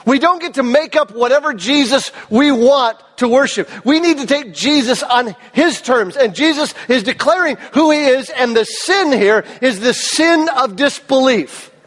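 High-pitched guy preaching, voice kinda cracking, big echoey church hall. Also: animated, normal speed, hardly any pauses, fairly bright tone. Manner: earnest, emphatic, asks the congregation questions. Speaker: pastor. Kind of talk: sermon. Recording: long reverb of a large hall.

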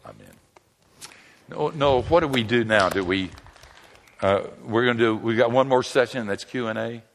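At a moderate pace and medium pitch, an older man preaches a comic sermon, telling lively stories and joking with listeners. A little hiss or hum sits under long hall reverb.

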